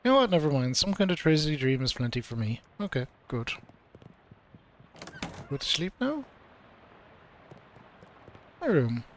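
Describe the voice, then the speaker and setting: A man's voice: mid-range voice, very animated, fast, few pauses, slight background noise. A man streaming a game, reading its dialogue aloud in a casual, playful way with mock old-fashioned delivery. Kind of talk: let's play commentary, reading game text aloud.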